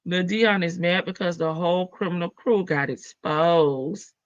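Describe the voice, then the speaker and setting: A woman's voice: fairly low pitch, unhurried, dry recording. A woman hosting a casual live stream, talking in a sassy, brash way, swearing freely and laughing often. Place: home in Las Vegas. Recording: dull lo-fi stream audio.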